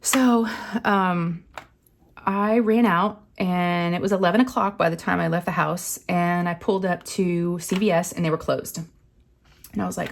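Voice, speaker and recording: A woman, rambling and animated as she tells a story to camera. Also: on the low side, slight background noise. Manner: chatty, rambling, animated retelling with acted quotes. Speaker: craft channel host.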